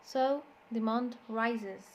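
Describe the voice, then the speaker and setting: A woman's voice: a little high, extremely slow, dull audio, slight background noise. A woman with an Egyptian accent teaching an English lesson, moving between English and Arabic and repeating words to drill their stress. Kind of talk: classroom lesson explanation.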